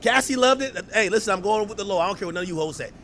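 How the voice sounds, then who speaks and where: A man hosting a podcast, giving loud, profane reaction commentary that at times turns to shouting. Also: sits high, expressive, rapid-fire, slight background noise. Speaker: podcast host.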